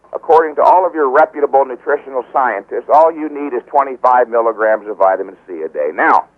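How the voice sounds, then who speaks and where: A man who trains bodybuilders, a guest on a radio interview, lecturing emphatically and repeating his key points. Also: mid-range voice. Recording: tinny phone line.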